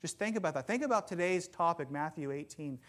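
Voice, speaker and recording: A man preaching a sermon to a congregation, telling stories with lively, self-deprecating asides. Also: fairly high pitch, brisk. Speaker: pastor. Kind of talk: sermon with jokes. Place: church sanctuary with congregation.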